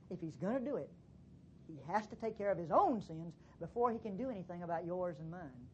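A woman preaching a sermon as dramatic storytelling, swinging from hushed passages to loud ones. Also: fairly low pitch, expressive, brisk, a little hiss or hum. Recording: dull lo-fi recording.

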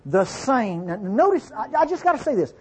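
A husky, fairly high male voice that swings widely as he teaches scripture. He alternates between reading verses aloud and explaining them informally, often turning to his listeners to ask if they follow. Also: big pitch swings, normal speed. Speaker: Bible teacher. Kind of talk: conversational Bible teaching.

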